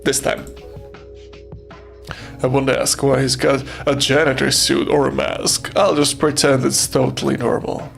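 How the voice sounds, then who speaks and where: A man's voice: mid-range voice, level tone, a little slow, gravelly, a bit bright, soft background music. A man streaming a game live, reading its story aloud in a jokey, swearing, playful way. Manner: jokey, swearing, breaks into laughter and silly outbursts.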